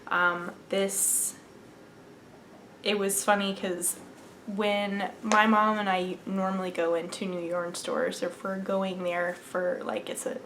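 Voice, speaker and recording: A young woman talks slowly and unhurriedly, gushing over her finds in a casual show-and-tell chat, now and then slipping into a soft whisper. Her voice sits at an ordinary pitch, with a faint hum of room ambience behind her. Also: level tone. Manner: gushing and enthusiastic, drops into whispers. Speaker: knitting podcast host.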